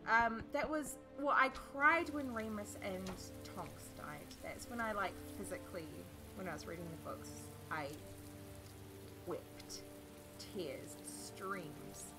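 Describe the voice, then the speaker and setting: A woman with a New Zealand accent hosts a let's play, chatting, swearing, and cracking jokes at the screen as she works through a video game. Her voice is medium in pitch and unhurried, with music playing in the background.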